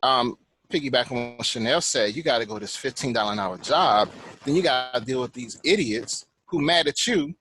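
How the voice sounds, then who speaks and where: A man's voice: medium pitch, brisk, a bit bright, slight background noise, poor audio. A man talking in a casual group podcast chat, venting with frustration and rising emphasis. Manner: exasperated ranting.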